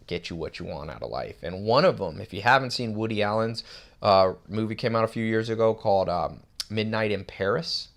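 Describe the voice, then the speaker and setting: A man talks straight to the viewer in a loose, rambling motivational monologue. He drifts between asides and punches key points with emphatic bursts. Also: sits low. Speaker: self-help host.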